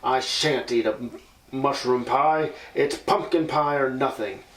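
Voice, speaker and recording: A man's voice: mid-range voice, unhurried, fairly bright tone, natural voice. A man doing a cranky ancient magician. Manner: hollering and croaking. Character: cranky eight-hundred-year-old male magician. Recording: roomy sound from a distant mic.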